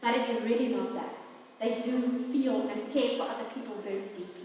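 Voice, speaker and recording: A woman presents a workshop to an audience, talking in a warm, chatty, playfully animated way. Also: a little high, fairly quick. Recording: echoey hall from far off.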